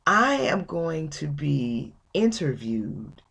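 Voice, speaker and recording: A woman's voice: low-pitched, lively intonation, slow. A woman from Georgia, hosting her own podcast and talking casually and emphatically, often laughing. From Georgia, USA. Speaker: podcast host.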